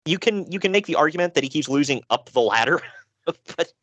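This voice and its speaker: Lively man chatting casually. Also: on the high side, brisk, dry recording, muffled recording. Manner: animated, laughing, sighing, fillers. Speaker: podcast co-host. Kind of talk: casual chat.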